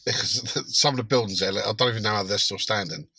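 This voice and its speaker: A man's voice: on the low side, fast talker, pushed and bright, breathy edge, no room sound. A man in a casual podcast chat, laid-back and prone to chuckling. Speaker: podcast co-host.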